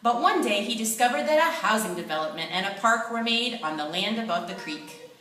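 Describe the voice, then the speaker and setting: A woman narrating a children's play with lively, expressive storytelling. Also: mid-range voice, a little fast. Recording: echoey room, distant mic, faint noise.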